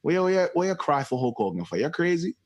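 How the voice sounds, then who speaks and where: A man's voice: fairly high pitch, sing-song, fast, highs cut off. A man imitating his stern father scolding him as a crying boy, exasperated and stumbling over repeated words.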